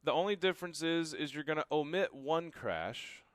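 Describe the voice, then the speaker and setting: Drum teacher calling out beats loudly. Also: male voice, fairly high pitch, animated, moderate pace, clear, resonant tone, no room sound. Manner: calls out drum hits loudly, casual asides softer. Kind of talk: instructional drum lesson. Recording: loud drum kit and music behind. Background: drum kit playing.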